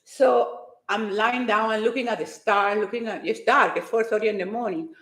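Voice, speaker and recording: A woman and fitness competitor giving an emotional, animated personal faith testimony. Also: medium pitch, moderate pace, roomy sound.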